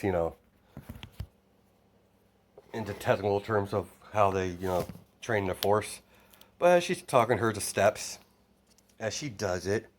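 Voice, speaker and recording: A low-voiced man talks slowly through a fan-made story. He rambles, restarts sentences and fills gaps with "you know". His delivery is casual and unhurried. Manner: rambling, full of fillers and restarts. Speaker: narrator.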